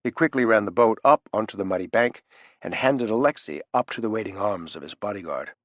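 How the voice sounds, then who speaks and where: A man narrating an audiobook thriller with an expressive, animated reading, on a close studio mic. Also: lowish voice, a little fast, dry recording, dull audio. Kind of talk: scripted narration.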